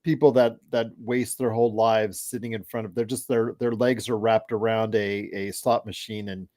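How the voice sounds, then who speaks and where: A man in his forties hosting a casual basketball chat, rambling with restarts and sudden excited outbursts. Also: fairly low pitch, moderate pace. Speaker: host of a basketball chat show. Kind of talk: casual live game chat.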